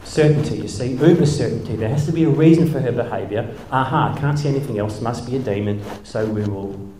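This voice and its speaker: A man's voice: medium pitch, brisk, warm tone, a little hiss or hum. A middle-aged man, a former church leader telling self-deprecating stories to a live audience. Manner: self-deprecating, wry, chuckling asides. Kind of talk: humorous storytelling talk. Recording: echoey hall.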